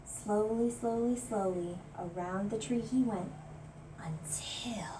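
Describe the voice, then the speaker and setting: A young woman teacher reading a children's picture book aloud, dramatic and hushed at tense moments. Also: medium pitch, slow, background noise. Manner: expressive, dramatic storyteller, hushed at suspense. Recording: voice from a distance from the mic.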